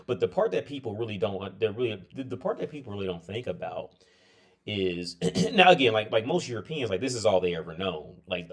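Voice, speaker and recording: A tired man chatting on a casual livestream, his voice sitting very low. He rambles loosely, restarting sentences and leaning on filler words as he goes. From United States. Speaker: livestream host.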